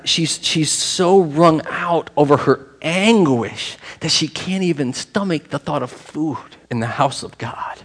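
A man's voice: on the high side, a little slow, few pauses, fairly bright tone, breathy edge. A man preaching a sermon to his congregation in an emotional, conversational way. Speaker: pastor.

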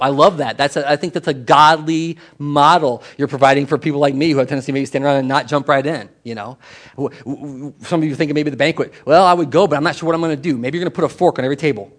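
A man's voice: on the high side, fairly even intonation, fast. Conversational male pastor preaching a sermon. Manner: conversational, swings between emphatic and hushed. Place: church service.

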